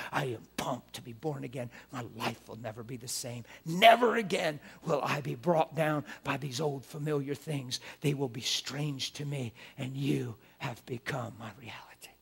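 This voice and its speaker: Husky-voiced male preacher. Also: mid-range voice. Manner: swings from hushed prayer to loud fervent declaring. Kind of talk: sermon with modeled prayer.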